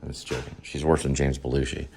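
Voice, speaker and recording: This apartment vlogger has a very deep, fast, creaky voice that stays fairly flat in pitch and carries a slight mellowness. He records on a handheld phone pointed at himself, rambling and jumping topics while interrupting himself.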